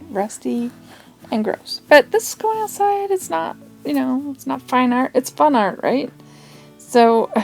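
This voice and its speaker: A woman's voice: medium pitch, gravelly, darkish tone. A woman hosting a casual craft tutorial, chatty and rambling, with asides and little laughs as she works.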